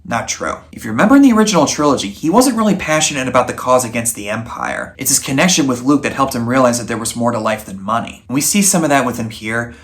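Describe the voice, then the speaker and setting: A man's voice: mid-range voice, lively intonation, fast talker, hardly any pauses, a bit bright. A man reviewing a film in a scripted voice-over, earnest and enthusiastic in a conversational way. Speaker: movie reviewer, channel host.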